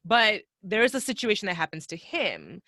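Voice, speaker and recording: A woman's voice: mid-range voice, wildly swooping pitch, moderate pace, bright, forceful tone, dry recording, clean studio sound. A woman hosting a casual podcast, rambling in slangy chat full of fillers. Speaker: podcast host.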